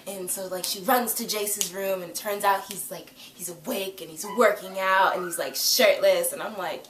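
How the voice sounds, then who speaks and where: A woman's voice: mid-range voice, fairly even intonation, normal speed, few pauses, echoey room, a little hiss or hum, poor audio. A young woman vlogger chatting casually through a TV episode recap, gushing and full of "like" as she acts out quotes.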